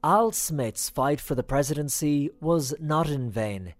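A male host reading scripted narration with an even, clear delivery. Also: a little high, unhurried, faint music behind.

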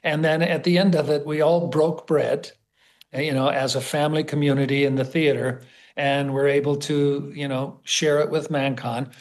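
A man from the United States, a guest sharing memories in an interview, enthusiastic and halting, often repeating words. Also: fairly high pitch, little pitch movement. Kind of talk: conversational storytelling.

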